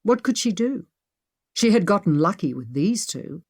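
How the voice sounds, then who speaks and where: A woman narrating an adventure audiobook in a steady, measured way. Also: medium pitch. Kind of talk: scripted narration.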